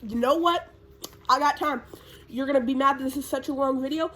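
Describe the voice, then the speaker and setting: A young woman talks off the cuff in a slightly high voice, rambling and swearing her way through a recap. She fills her pauses with ums and uhs, like a casual vlogger chatting to camera. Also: a bit bright, a little hiss or hum. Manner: rambling, profane, lots of fillers. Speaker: YouTuber.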